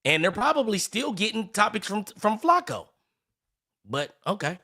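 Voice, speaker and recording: A man hosts a reaction commentary show with a bright, clear tone and a voice pitched a little above the usual. He talks in an animated, indignant way as he introduces clips. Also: moderate pace. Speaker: commentary channel host.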